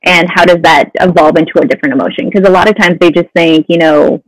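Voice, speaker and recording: A woman's voice: fairly low pitch, steady tone, fast, dry recording, low-quality recording. Conversational woman counselor, dry sound. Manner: conversational, many "you know" fillers. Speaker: mental health counselor guest. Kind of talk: casual podcast interview.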